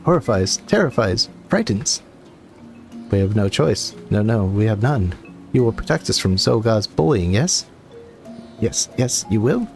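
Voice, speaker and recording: A man's voice: on the low side, lively intonation, measured pace, darkish tone, faint music behind. A man voicing a timid, wailing male kobold who repeats his words in frantic strings of three. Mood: pleading.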